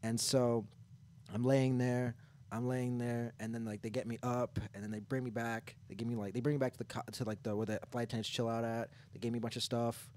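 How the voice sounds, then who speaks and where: Guy cohosting a podcast, talks fast, rambly, says like a ton. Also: medium pitch, level tone, darkish tone. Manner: rambling, lots of filler "like". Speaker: podcast co-host. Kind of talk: casual storytelling chat.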